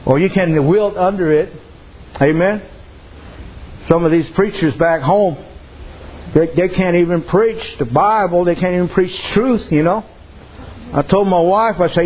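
A man's voice: high voice, moderate pace, highs cut off, a little hiss or hum. A man preaching a sermon in a folksy, colloquial storytelling way.

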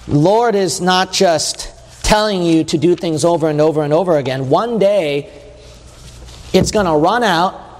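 A man preaching a sermon in a conversational way, reading scripture and acting out quotes. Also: high voice. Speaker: pastor. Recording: long hall reverb.

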